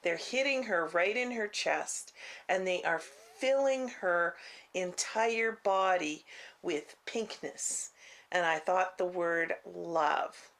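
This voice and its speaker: A woman vlogger telling a personal story in a casual, halting way, full of restarts and "you know", on a clip-on mic. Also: fairly low pitch, a bit bright. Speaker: faith vlogger. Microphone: clip-on mic she keeps bumping.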